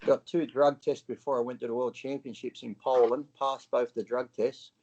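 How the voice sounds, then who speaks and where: A gravelly-voiced Australian man talks as an interview guest. He tells his story bluntly and profanely, slipping into the voices of people from it. The audio is muffled and lo-fi. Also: mid-range voice, little pitch movement, moderate pace, a little mellow. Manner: blunt and profane, acts out his own past dialogue.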